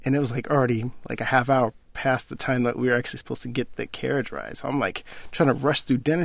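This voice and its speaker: Young man, gravelly mid-pitched voice, animated casual storyteller, dry close sound. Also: fast talker, few pauses, no room sound. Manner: animated, acts out quoted dialogue. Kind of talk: casual personal anecdote.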